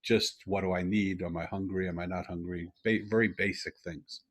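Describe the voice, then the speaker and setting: Low husky man telling a personal story. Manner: earnest, halting with restarts, rising to animated emphasis. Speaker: podcast host. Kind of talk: conversational storytelling. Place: home room over video call. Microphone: video call.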